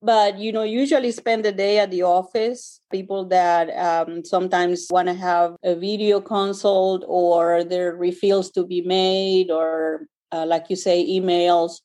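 A woman physician answering interview questions in a conversational way, pausing often and searching for words. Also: lowish voice, level tone, mellow. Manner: hesitant, searching for words with many fillers. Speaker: physician guest.

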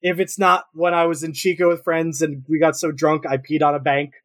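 A man's voice: a little high, a little fast. Blunt, swearing storyteller man. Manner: blunt, swears freely, animated in quotes. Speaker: podcast co-host. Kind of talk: casual storytelling chat.

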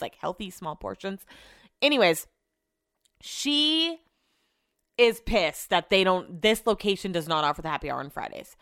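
A middle-aged woman hosting a podcast, telling an animated, profane story and acting out what people said, with a throat she keeps clearing. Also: mid-range voice, dry recording, clean studio sound. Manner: animated, profane, acts out quotes. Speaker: podcast host. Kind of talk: casual storytelling.

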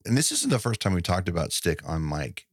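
A man's voice: low-pitched, huge pitch swings, fairly quick, slightly rough, dry recording, clean studio sound. A man co-hosting a casual movie podcast, rambling and laughing often as he talks. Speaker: podcast co-host.

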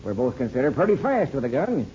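An actor playing a sly, smooth-talking outlaw with a folksy western drawl, in a 1950s radio drama. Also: male voice, medium pitch, very animated, quick pace, warm tone, slight background noise, natural voice. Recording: dull lo-fi old radio broadcast.

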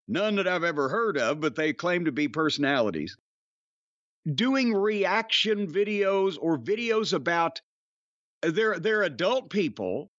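Southern male podcast host, lively high voice, crude, wandering storyteller, dry muffled sound. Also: no room sound. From Southern United States. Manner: profane, sardonic, long-winded storytelling. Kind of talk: casual rambling chat.

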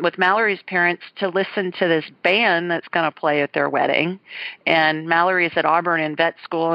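Middle-aged female host, warm chatty enthusiasm, dry muffled close mic. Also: lowish voice, no echo. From US South. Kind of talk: casual chat.

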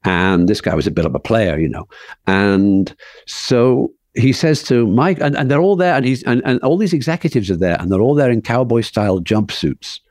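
A man's voice: medium pitch, moderate pace, no room sound, clean studio sound. A man, a film writer and director, telling anecdotes as a guest in an interview and acting out the people in them. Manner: lively storyteller who acts out the people in his anecdotes. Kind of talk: anecdotal storytelling in conversation.

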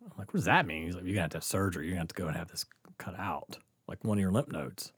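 A man's voice: low-pitched, rapid-fire, slightly rough, no echo. A man casually telling a personal story, acting out the voices in it and laughing often. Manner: animated, acts out quotes, laughs often. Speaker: guest storyteller.

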